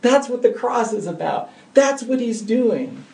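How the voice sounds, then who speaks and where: A man delivers an earnest, emphatic sermon, swinging between hushed and loud passages. His voice is gravelly and mellow, sitting a little high. The sound is roomy and picked up from a distant mic in a church. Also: expressive, unhurried. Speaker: pastor. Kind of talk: sermon with closing prayer.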